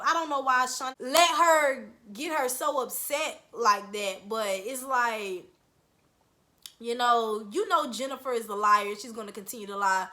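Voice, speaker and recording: A woman's voice: a little high, a little slow, pushed and bright. A young woman giving a blunt, profane casual recap of a reality show, scolding the cast as she goes. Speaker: reality TV reviewer.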